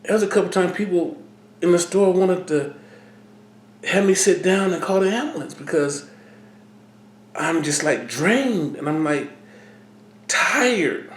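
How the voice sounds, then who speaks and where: Slow, halting man in an echoey room. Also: high voice, expressive. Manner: halting, emotional, repeats words. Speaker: vlogger. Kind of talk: personal talk to camera.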